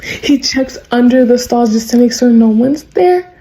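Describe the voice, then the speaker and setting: A young woman vlogging in an excitable, chatty way, with frequent laughs and plenty of "like" and "bro." Her voice sits a bit high with a mellow, warm tone. She keeps to a casual, talking-to-a-friend delivery. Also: measured pace, slight background noise, rough recording. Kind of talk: casual chat, recapping a show.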